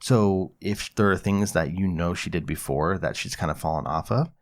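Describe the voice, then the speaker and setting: Deep voiced guy on an advice podcast, calm and explaining stuff. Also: normal speed. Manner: calm, explanatory, acts out example dialogue. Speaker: podcast host, psychologist.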